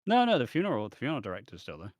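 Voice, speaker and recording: A man co-hosting a casual podcast, chiming in with short, laid-back remarks. His voice sits at a middle pitch and is recorded close, with no room sound. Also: huge pitch swings, rapid-fire, no room sound. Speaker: podcast co-host.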